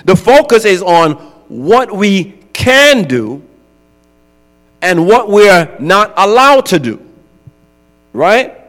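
A man's voice: high voice, sing-song, slow pace, long pauses, a bit bright. A male pastor preaching a sermon in a conversational way, often asking his congregation "right?". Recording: long hall reverb with mains hum.

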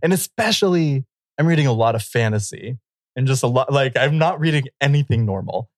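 A man's voice: mid-range voice, animated, a little fast, no echo, clean studio sound. A man co-hosting a podcast in casual chat, rambling and laughing often. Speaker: podcast co-host.

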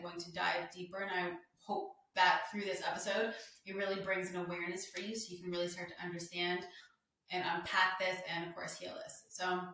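A woman's voice: lowish voice, sharp tone, heavy reverb, far from the mic, poor audio. A young woman hosting a solo wellness podcast, talking casually and emphatically with lots of "like" fillers. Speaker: podcast host.

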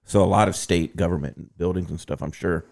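A man chatting casually on a podcast in a relaxed way, often checking in with "right?". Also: deep voice, fairly quick, gravelly. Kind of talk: casual chat.

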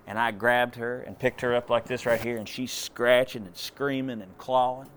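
Bright-voiced preacher telling a story. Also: male voice, mid-range voice, steady tone, moderate pace, a little hiss or hum. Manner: storytelling, drawling, rising to loud commands. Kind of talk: sermon testimony.

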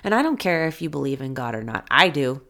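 A woman with a low voice and a gravelly edge speaks as a podcast host. She talks in an earnest, encouraging way, telling stories to motivate her listeners. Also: very animated, fast, a bit bright. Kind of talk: motivational podcast talk with a personal story.

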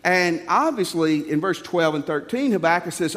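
A male pastor preaches with a high-pitched voice, stressing his points hard while talking to his listeners like a conversation. His words ring out with a long reverb, as in a large hall. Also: lively intonation, moderate pace, hardly any pauses, a bit bright. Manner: emphatic, conversational preaching that addresses the congregation. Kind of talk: sermon.

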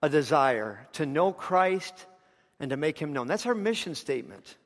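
Impassioned preacher in a reverberant hall. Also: male voice, fairly high pitch, very animated, moderate pace. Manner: impassioned storytelling with rising and falling intensity. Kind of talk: sermon.

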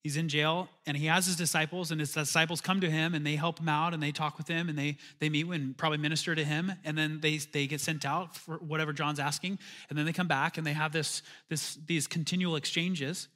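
Bright-voiced man preaching a sermon. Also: fairly high pitch, level tone, a little fast. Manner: conversational preaching with calls for amen and bursts of emphasis. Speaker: pastor.

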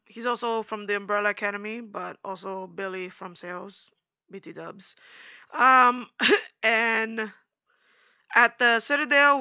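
A young woman chatting casually in a slangy, animated recap, acting out quotes as she goes. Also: medium pitch, smooth, dry recording, muffled recording.

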